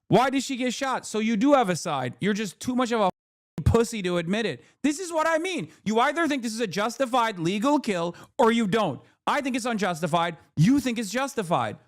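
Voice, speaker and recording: High-voiced man in a heated profane rant. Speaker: streamer. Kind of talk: livestream commentary, arguing with chat.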